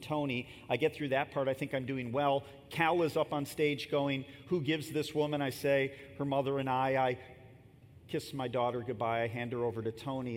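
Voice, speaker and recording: Man in his fifties preaching in a big hall. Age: 50s. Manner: conversational, storytelling preacher with asides. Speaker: pastor. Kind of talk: sermon. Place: church sanctuary. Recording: long reverb and faint rumble in a large hall.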